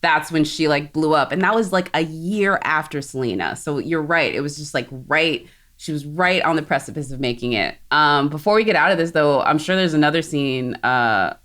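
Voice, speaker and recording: Low-voiced, frank woman co-host. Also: a bit bright. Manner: frank, opinionated, quick to laugh. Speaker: podcast co-host. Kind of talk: casual film discussion.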